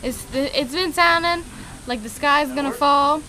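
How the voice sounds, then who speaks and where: A woman's voice: high-pitched, unhurried, pushed and bright, soft background music, low-quality recording. A young woman, chatting candidly in casual vlog updates from a canyon trail. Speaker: vlogger. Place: outdoors on a canyon hiking trail and campground.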